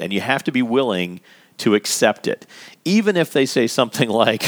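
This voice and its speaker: Guy teaching a class, really animated pitch, drags out words to make a point, chatty. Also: normal speed. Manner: animated and emphatic, stretching key words. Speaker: workplace communication instructor. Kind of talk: instructional talk.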